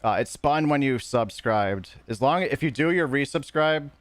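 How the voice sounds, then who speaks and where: A man's voice: mid-range voice, lively intonation, normal speed, no room sound. A man streaming a video game, chatting casually with his viewers in a loose, rambling way that corrects itself as it goes.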